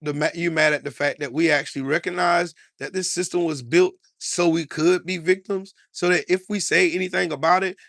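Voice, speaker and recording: A man's voice: fairly high pitch, fairly even intonation, brisk, creaky, hardly any pauses, fairly bright tone, no echo, studio quality. Angry, profane man ranting. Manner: angry, profane, repetitive rant. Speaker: political commentator. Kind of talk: heated political commentary.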